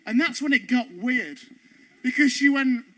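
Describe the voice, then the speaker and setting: Excitable high-voiced comic. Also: male voice, unhurried. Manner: excitable, acts out the voices in his stories. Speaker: stand-up comedian. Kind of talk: stand-up storytelling. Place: studio stage before a live audience.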